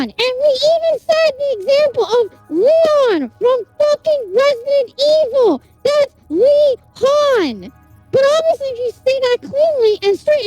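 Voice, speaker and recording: High, lively streamer ranting with swears. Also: unhurried, faint music behind, rough recording. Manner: animated storytelling, heavy swearing, exasperated rants. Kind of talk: casual chat with viewers.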